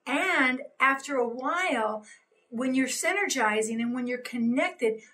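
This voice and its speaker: A woman's voice: sits high, animated, measured pace, pushed and bright, low-quality recording. A middle-aged woman giving a recorded training talk, coaching with many fillers and restarts. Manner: coaching, gestures while explaining, many fillers.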